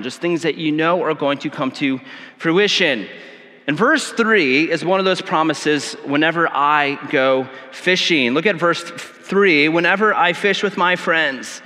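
A male pastor preaching a sermon in a relaxed, conversational way, telling self-deprecating stories with frequent stammered restarts. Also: on the high side. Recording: long church hall reverb.

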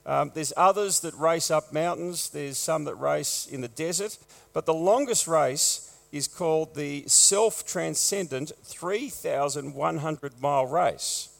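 Pastor with a gravelly voice. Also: male voice, fairly high pitch, in a large hall. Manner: conversational, wry asides. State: post-viral cough. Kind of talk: church notices and sermon. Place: church.

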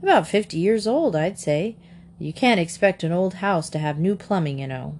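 A woman voicing a stern, hurried father who speaks firmly and briskly. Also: on the low side, lively intonation, darkish tone, slight background noise. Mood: flustered. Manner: firm and brisk.

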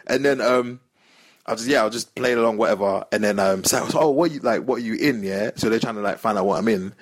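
A man's voice: lowish voice, quick pace. A young man telling a story on a podcast, acting out the voices of the people in it. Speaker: podcast host. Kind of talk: casual storytelling chat.

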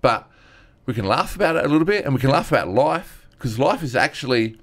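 A man's voice: mid-range voice, a little fast. A young man, a stand-up comedian talking candidly and earnestly, acting out the voices of people in his stories. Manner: earnest, animated retelling with acted-out quotes. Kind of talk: candid conversational storytelling.

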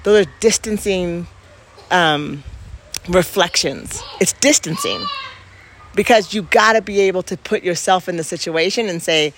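A woman's voice: fairly low pitch, unhurried, slight background noise. Earnest woman thinking aloud. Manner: earnest, emphatic, thinks aloud with many restarts. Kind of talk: reflective casual talk.

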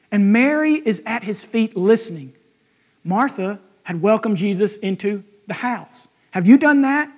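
Brief: man preaching, high-pitched, conversational, keeps questioning the listeners. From United States. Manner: conversational, asks the congregation questions. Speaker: pastor. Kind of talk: sermon.

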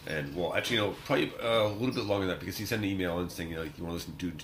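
A man's voice: low-pitched, racing, a bit bright, a little hiss or hum. Laughing, rambling male podcast host. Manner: laughs often, rambling storytelling with many fillers. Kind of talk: casual chat.

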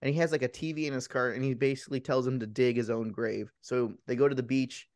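A man's voice: medium pitch, steady tone, fast talker, a little mellow, no room sound. Rambling, profane male podcast co-host. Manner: rambling, profane, with many restarts. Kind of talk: casual chat retelling a film.

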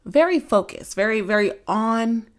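A woman's voice: on the high side, expressive, moderate pace. A young adult woman hosting a podcast, chatting casually and telling candid stories, filling her speech with "like". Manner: chatty, candid storytelling with lots of "like". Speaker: podcast host. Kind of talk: casual chat.

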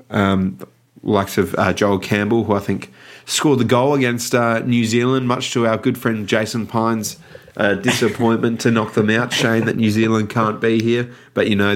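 Male co-host, lowish voice, casual and meandering, many fillers. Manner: rambling, frequent ums and restarts. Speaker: podcast co-host. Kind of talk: casual football chat. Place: lives in Adelaide.

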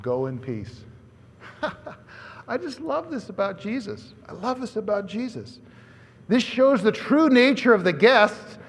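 A man preaching a sermon as pastor, in an animated, conversational way that swings between loud and hushed. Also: extremely high pitch, measured pace, gravelly, slight background noise. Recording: long hall reverb.

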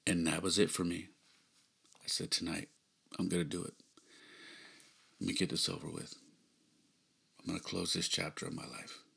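A man hosting a podcast, earnestly telling a personal story, emotional and close to tears, often dropping to a hushed near-whisper. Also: low-pitched, flat delivery, normal speed, pauses often. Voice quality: gravelly, husky. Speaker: podcast host.

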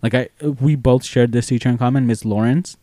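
A young man co-hosting a podcast, telling a story in casual chat, animated and swearing freely as he acts out quoted voices. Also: medium pitch, a little fast, dry recording, clean studio sound. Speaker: podcast co-host.

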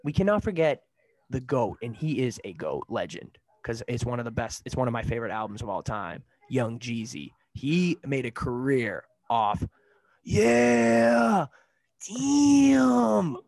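A man's voice: mid-range voice, sing-song, moderate pace, a little mellow, no echo. A young man co-hosting a podcast in casual chat, enthusiastic, laughing often and heaping praise on people. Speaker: podcast co-host.

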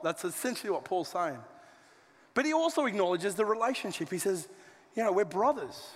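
A man's voice: high-pitched, lively intonation, brisk, long reverb tail. A man preaching a sermon as a pastor, conversational and joking with colloquial asides. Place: church auditorium.

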